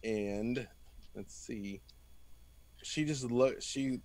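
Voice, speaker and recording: A man runs a tabletop game with easy, rambling narration full of fillers. His voice sits at a middling pitch and comes across dry and close to the microphone. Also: very slow, darkish tone, no echo. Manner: loose, filler-heavy narration with sudden character voices. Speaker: game master.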